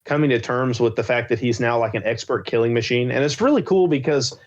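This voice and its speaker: A man's voice: mid-range voice, a little fast. A young man co-hosting a podcast, gushing about films in a casual, rambling way full of fillers. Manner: enthusiastic, rambling with many fillers. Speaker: podcast co-host. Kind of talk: casual chat. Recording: slightly dull lo-fi sound.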